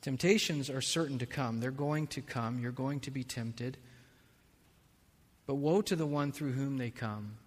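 A man preaching a sermon as a pastor, slow and measured, building to impassioned stretches. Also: mid-range voice. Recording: long reverb of a large hall.

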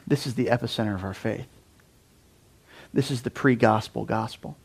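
A man's voice: fairly low pitch, moderate pace, long pauses, breathy edge. A man preaching a casual sermon, talking conversationally with many fillers and questions to the audience. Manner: animated, conversational, lots of "like", asks the audience questions. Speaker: pastor.

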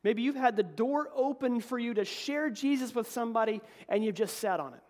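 A man preaching a sermon as pastor, reading scripture and swinging between emphatic peaks and quiet, low asides. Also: brisk. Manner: animated preaching, voice rising to emphatic peaks then dropping low.

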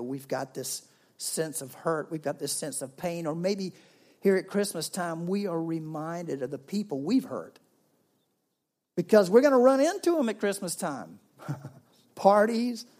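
Storytelling preacher man, loud then hushed. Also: fairly high pitch. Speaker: pastor. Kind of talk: sermon.

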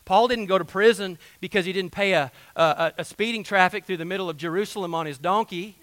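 A man's voice: high-pitched, a little fast, a bit bright, no room sound. A man preaching a sermon in a folksy, conversational way, full of asides to the congregation. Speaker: pastor.

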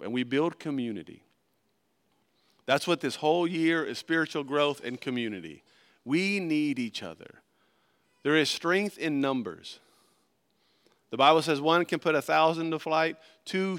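A man preaching a sermon, folksy and animated, swinging between loud emphasis and hushed asides. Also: fairly high pitch, clean tone. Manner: animated, folksy, acts out little voices. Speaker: pastor.

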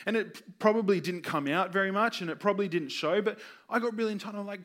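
Earnest preacher with a higher voice. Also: male voice, fast, a bit bright. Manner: earnest storytelling, acts out quoted voices. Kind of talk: sermon.

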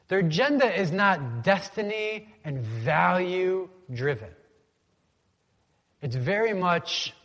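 A man preaching a conversational sermon in a church, calling on the congregation to repeat words after him. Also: a little high. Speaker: pastor. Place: church sanctuary. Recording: long hall reverb.

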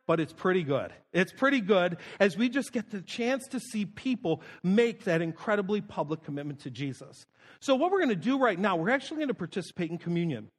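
A man's voice: sits high, in a large hall. A male pastor preaching and praying in a casual, self-deprecating storytelling manner in a church. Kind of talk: sermon with prayer and announcements. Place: church sanctuary.

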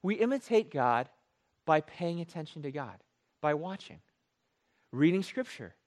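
Man, pastor, sermon, higher-pitched voice, lively swinging intonation, chatty, self-deprecating, repeats phrases for emphasis. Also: measured pace. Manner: conversational, self-deprecating, jokey with the congregation.

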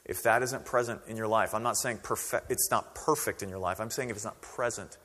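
A man preaching a sermon as pastor, conversational and animated, acting out quoted voices. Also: lowish voice, fairly quick, long reverb tail.

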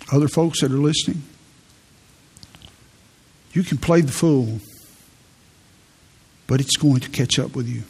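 A man's voice: medium pitch, breathy edge. A man preaching a sermon, telling personal stories earnestly and reading scripture with growing fervor. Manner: earnest storytelling, rising to fervent scripture reading. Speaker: pastor.

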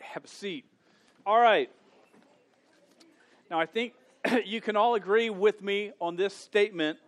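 A man preaching as a pastor to a room of young people, talking in a chatty, animated way with many restarts. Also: high voice. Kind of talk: casual youth sermon. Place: church room with an audience.

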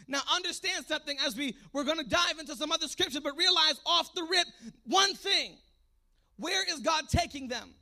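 A male preacher of Puerto Rican background with a strikingly high, very bright and tense voice. He works the room in fervent call-and-response style, dropping to soft asides before surging into shouted exhortation. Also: moderate pace, creaky.

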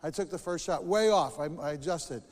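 A pastor preaching in a church, spinning chatty, animated stories from his week. His voice sits high for a man. The sound carries the long reverb of a church hall. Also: fairly quick. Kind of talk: sermon with personal stories.

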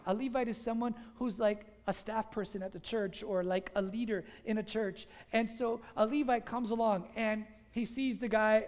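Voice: mid-range voice, darkish tone. A pastor preaching a conversational sermon with lots of filler "like", urging the congregation to repeat phrases back. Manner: casual filler "like" throughout. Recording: long hall reverb.

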